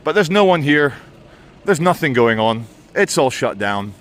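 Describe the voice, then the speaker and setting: A man with a British English accent doing a walking vlog outdoors on a town high street, ranting sardonically with wry asides. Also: very animated, measured pace, a bit bright. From England. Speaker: vlogger.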